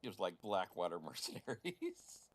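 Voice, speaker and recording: Low, animated man running the game. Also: moderate pace. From United States. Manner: wry and blunt, swears freely. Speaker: game master. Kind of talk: casual out-of-character table chat.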